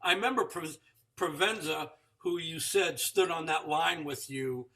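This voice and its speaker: A man hosting an interview show, who reacts to his guest with quick interjections and laughs and shares his own memories. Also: fairly high pitch, pushed and bright. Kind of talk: casual interview chat.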